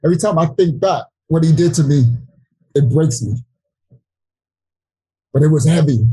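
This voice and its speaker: A middle-aged man from New York City tells his life story at a Bible study, earnest and halting, near tears. His voice sits a little high, husky and mellow. The sound is dry and close, with no room echo. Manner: earnest, halting, with frequent restarts. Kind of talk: emotional personal testimony in a Bible study.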